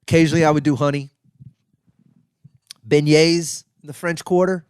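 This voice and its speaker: A middle-aged man talks through listener questions on his solo podcast, rambling and chatty with plenty of fillers. His voice sits a bit high for a man. The sound is dry and close, with no room in it. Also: fairly even intonation, moderate pace, long pauses, a little mellow, smooth, dry recording. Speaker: podcast host.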